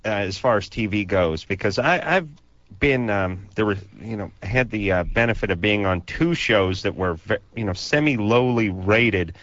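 A man's voice: on the low side, normal speed, a bit bright, dry recording, muffled recording. A man hosting a casual radio chat, rambling and sarcastic, often stammering, with a distinctive voice people like to mimic. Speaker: radio host.

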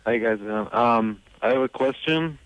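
A teenage boy calls in to a radio advice show, hesitant and mumbling as he asks his question. His voice sits at a middle pitch. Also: moderate pace, muffled recording. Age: teens. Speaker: caller. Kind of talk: call-in question.

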